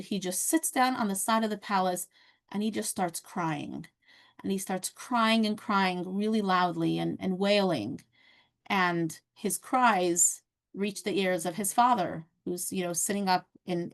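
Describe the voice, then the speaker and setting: A woman leading a relaxed lesson, her voice at an ordinary middle pitch. She tells the story in an easy, chatty way, with ums and little restarts as she thinks aloud. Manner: conversational, many fillers and restarts. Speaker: Torah class teacher.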